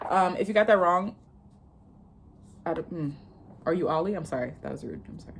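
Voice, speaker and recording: This twenty-something vlogger from the US studies Korean in a casual vlog, reading her lesson aloud between chatty, laugh-filled, freely profane remarks. She talks briskly in an expressive, slightly rough voice on the low side.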